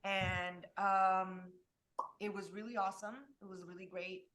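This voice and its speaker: A woman's voice: medium pitch, level tone, unhurried, a bit bright. A woman from Mexico talking casually about her schooling in graphic design, chatty and restarting her sentences often. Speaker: designer and guest. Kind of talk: casual conversation.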